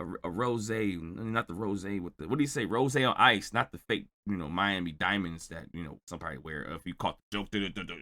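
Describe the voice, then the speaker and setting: A man's voice: on the low side, heavy background noise. A man hosting a reaction channel, recapping a video in a rambling, sarcastic way. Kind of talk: reaction commentary.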